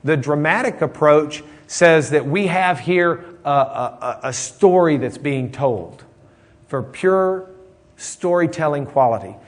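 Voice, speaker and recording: A man's voice: fairly high pitch, lively intonation, slow. A man teaching a casual Bible class, rambling through anecdotes with frequent restarts and fillers. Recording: long hall reverb.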